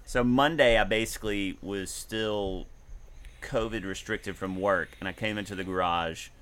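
A man's voice: on the low side, moderate pace, a bit bright, smooth. A man co-hosting a podcast, chatting casually from his garage about a song he covered, rambling with restarts and singing short snippets. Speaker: podcast co-host and musician. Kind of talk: casual chat. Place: home garage.

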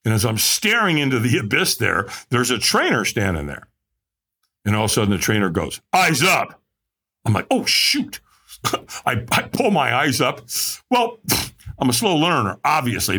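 A man's voice: sing-song, a little fast, bright, forceful tone, breathy edge. A man telling his story as a podcast guest, acting out quotes with big dramatic swings. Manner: dramatic, acts out quotes with big pitch jumps. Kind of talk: animated storytelling.

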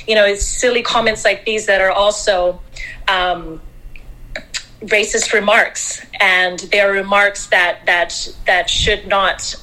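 A woman speaking on a live audio panel in a gentle, hesitant way, with many pauses and ums. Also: medium pitch, poor audio. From Taiwan and Italy heritage. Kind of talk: reflective live audio-room talk.

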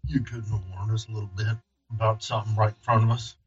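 A man playing a tabletop game, talking dry and deadpan. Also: lowish voice, fast, muffled recording. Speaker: player. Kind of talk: in-character tabletop play.

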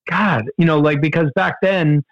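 Animated man telling a story. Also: measured pace, no echo, muffled recording. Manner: animated, jumps in pitch for quoted outbursts, many fillers and restarts. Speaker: guest storyteller. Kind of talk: casual anecdote in conversation.

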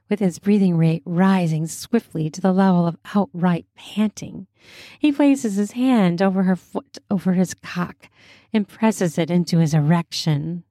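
A woman narrating a story in a slow, soft, intimate way. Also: on the low side, no echo, clean studio sound. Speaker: storyteller and host.

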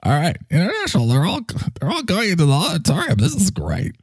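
A man's voice: fairly high pitch, wildly swooping pitch, quick pace, husky, dry recording, voice pushed up, full character voice. A man voicing a bossy male spirit who fusses and complains at the person channeling him. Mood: bustling. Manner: fussy, complaining, theatrical.

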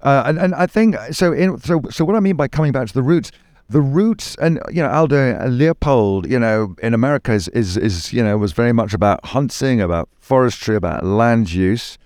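A man's voice: mid-range voice, animated, normal speed, a little mellow, dry recording. Thoughtful British man, dry close sound. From United Kingdom. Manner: thoughtful, hesitant with many restarts and fillers. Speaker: guest. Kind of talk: conversational interview.

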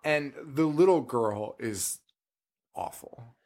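A young man hosting a casual horror movie podcast, joking, swearing and laughing a lot. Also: medium pitch. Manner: animated, laughing, swearing, quick jokes. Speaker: podcast host.

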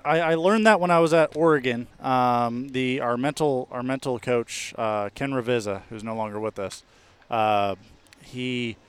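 A man, a baseball pitcher, talking casually in an interview, relaxed, with fillers and restarts. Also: measured pace, clean tone. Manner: relaxed, with many fillers and restarts, laughs easily.

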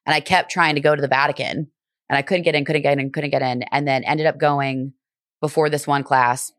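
A woman in her twenties, a fitness instructor guesting on a podcast, telling stories in a lively way and acting out her own lines. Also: low-pitched, brisk, no room sound, studio quality. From Brooklyn. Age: 20s. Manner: animated storytelling, acts out quotes. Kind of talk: casual conversation.

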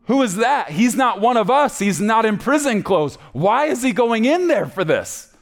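A man's voice: rumbling low, takes it slowly, a little mellow, faint music behind. A man voicing a sixteen-year-old orphan boy in prison, pleading and desperate, within a spoken sermon story. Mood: bewildered.

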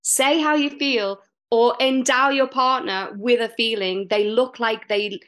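A woman's voice: a little high, steady tone, a little slow, a bit bright. A middle-aged woman, an improv teacher, talking casually and animatedly as a podcast guest, with many fillers and restarts.

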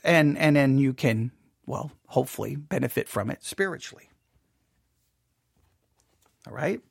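A man leading an informal Bible study lesson, animated and questioning, acting out imagined objections. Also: mid-range voice, unhurried, vocal fry, long pauses, breathy edge, no room sound, clean studio sound.

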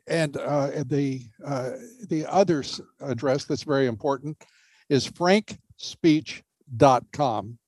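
A man hosting an interview, talking haltingly with many fillers. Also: medium pitch, a little mellow, slightly rough, no room sound. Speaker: host.

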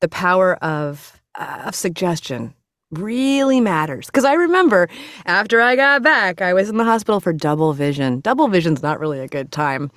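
Fast, lively woman telling a story. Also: fairly low pitch, no room sound, clean studio sound. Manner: fast, energetic storytelling, acts out quoted voices. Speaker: interview guest. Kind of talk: casual conversation.

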